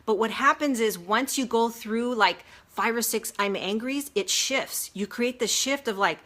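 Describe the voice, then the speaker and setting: This life coach, an adult with a grown daughter, has a fairly high, fairly bright voice and a measured pace. Her livestreamed self-help talk, picked up by phone or webcam, is earnest and chatty, moving step by step through frequent fillers and restarts.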